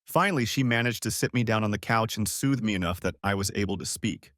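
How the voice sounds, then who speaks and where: A man's voice: on the low side, fast talker, few pauses, fairly bright tone, no room sound, clean studio sound. A man narrating a dramatic first-person story in a scripted audiobook reading.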